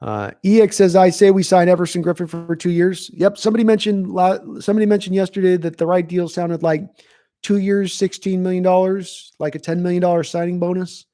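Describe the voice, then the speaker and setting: A man's voice: sits high, fairly even intonation, brisk, mellow, dry recording. A man hosting a live sports stream, chatting casually and answering viewers' questions from the chat as he thinks aloud. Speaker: podcast host reading live chat.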